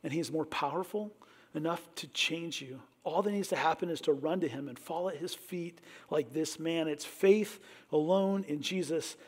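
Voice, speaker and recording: A middle-aged man with a notably high-pitched voice delivers a sermon. He preaches with emphatic swells, then falls to a hushed tone. He keeps calling his listeners back with a repeated "listen.". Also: moderate pace, breathy edge. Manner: repeats "listen" to address the congregation. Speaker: pastor.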